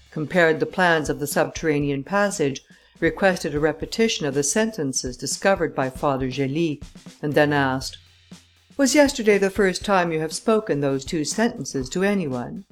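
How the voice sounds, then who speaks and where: A woman reading a classic story aloud as an audiobook narrator, in a measured, even way. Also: sits low. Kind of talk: scripted narration.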